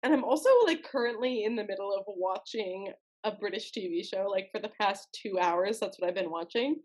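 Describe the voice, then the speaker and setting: A woman's voice: mid-range voice, brisk. A woman co-hosting a casual chat, playful and giggly, who pokes fun at herself. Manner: playful, giggly, self-mocking. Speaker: co-host.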